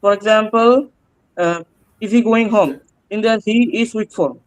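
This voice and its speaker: A man answering oral exam questions, halting and hesitant with many pauses and restarts. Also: high voice, no room sound, rough recording. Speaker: student taking an oral exam.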